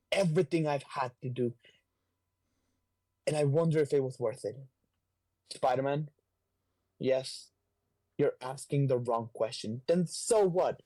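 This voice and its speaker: A man casually retelling a comic book story on a podcast, slipping into quick voices for the characters, swearing freely and clearing his throat often. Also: mid-range voice, mellow.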